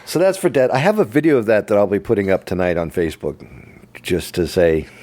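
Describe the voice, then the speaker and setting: A man hosting a podcast in relaxed, casual chat. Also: on the low side, fairly quick, no echo. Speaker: podcast host.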